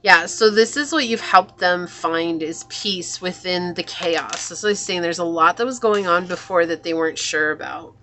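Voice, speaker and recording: A woman's voice: mid-range voice, pushed and bright. A woman giving a tarot reading in an earnest, emotional, spiritual way. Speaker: tarot reader.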